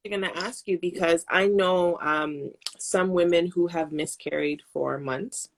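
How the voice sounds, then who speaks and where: A woman's voice: lowish voice, fairly even intonation, unhurried. A woman hosting a live chat, listening with empathy and asking supportive questions. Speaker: host. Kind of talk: casual interview chat.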